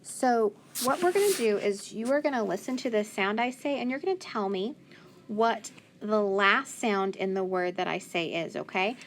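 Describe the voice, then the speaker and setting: A woman teaching a phonics lesson to children, sounding out letters and words slowly and clearly. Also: medium pitch, slight background noise.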